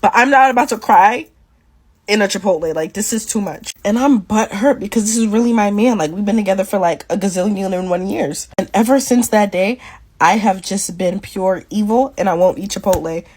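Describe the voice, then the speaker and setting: A woman's voice: mid-range voice, a little fast, warm tone, slightly rough. A woman telling a story to camera in a dramatic, comic way, acting out the quoted voices.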